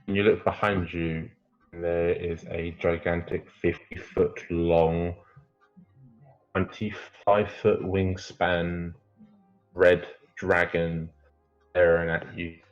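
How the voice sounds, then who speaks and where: A man's voice: low voice, flat delivery, slow, soft background music. A man narrating a tabletop game as dungeon master, hesitant and full of fillers. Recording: muffled lo-fi stream audio.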